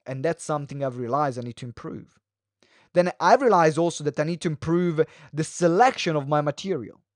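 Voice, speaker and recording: Male speaking coach, webinar; higher pitch, talks fast with restarts, varies pace for effect, gestures as he speaks. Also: a little mellow, no room sound, clean studio sound. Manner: frequent fillers and restarts; moves hands and head while talking. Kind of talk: live webinar teaching.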